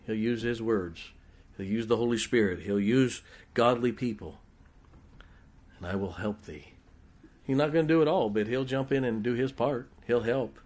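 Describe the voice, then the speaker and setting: A middle-aged man preaching a sermon in a folksy, humorous way, swinging from loud emphasis to quiet, intimate asides. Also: mid-range voice, moderate pace, pauses often. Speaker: pastor.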